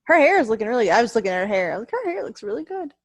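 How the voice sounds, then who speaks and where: A woman co-hosting a casual wrestling podcast, relaxed, mostly giving short replies and agreeing. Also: a little high, very fast, no echo. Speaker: podcast co-host.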